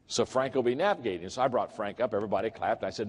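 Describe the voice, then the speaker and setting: A man giving a leadership keynote, telling stories in an animated way and acting out the quotes. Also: lowish voice, very fast, hardly any pauses, slightly rough. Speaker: leadership speaker. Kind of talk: keynote storytelling. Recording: echoey hall.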